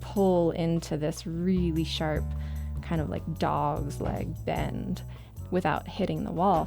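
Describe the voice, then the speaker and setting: A woman writer telling a personal adventure story in a casual, animated way, laughing often and filling with "like". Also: lowish voice, takes it slowly, faint music behind. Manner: lively, breathless retelling with laughs and "like" fillers.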